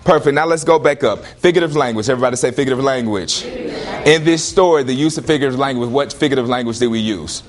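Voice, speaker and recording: A male teacher leading a classroom lesson, firing questions at students in lively call-and-response. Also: mid-range voice, quick pace.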